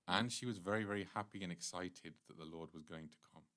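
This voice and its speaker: Leading a devotional class, a man with a deep, low voice earnestly retells scripture stories at length. He has the unhurried manner of a temple teacher, and his tone is bright and forceful.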